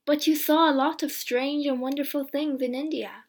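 A woman's voice: high voice, fairly even intonation, moderate pace, pitched above the performer's own voice. Woman reading as an eager old man. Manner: eager, coaxing. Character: elderly man, curious and eager. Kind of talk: storybook reading.

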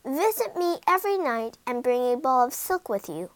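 A woman voicing a spirited young girl in a storybook reading, speaking brightly. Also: sits high, big pitch swings, moderate pace, no room sound. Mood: hopeful.

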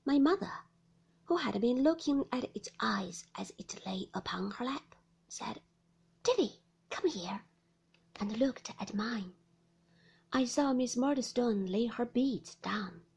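A woman narrating a classic novel in a hushed, slow storybook reading. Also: a little high, lively intonation, vocal fry, slightly rough.

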